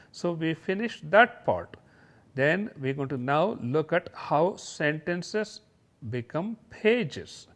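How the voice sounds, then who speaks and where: A man teaching a kindergarten lesson over slides, explaining patiently and slowly. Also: on the high side. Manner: slow, patient, sing-song explaining. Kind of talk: slideshow lesson for young children.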